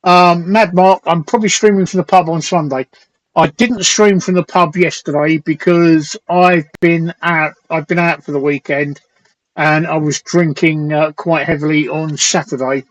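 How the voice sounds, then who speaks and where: A man hosting a late-night live stream chat, slightly hoarse, rambling and crude as he reads out viewer comments. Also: on the high side, steady tone, normal speed, dry recording, rough recording. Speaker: talk show host.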